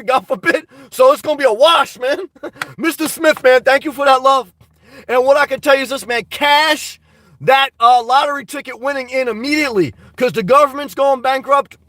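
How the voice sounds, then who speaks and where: A man's voice: extremely high pitch, fairly bright tone, no room sound, recorded from a distance. A man hosting a casual live stream, reading viewer comments and answering them bluntly while fighting a dry cough. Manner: rambling, blunt, talks back to chat comments. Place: inside a car.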